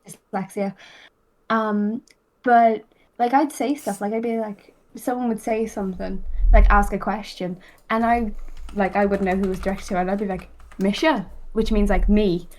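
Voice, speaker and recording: A woman's voice: medium pitch, steady tone, normal speed, a little mellow, low-quality recording. A young Irish woman in casual podcast chat, rambling and chatty with lots of fillers. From Ireland. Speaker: podcast host.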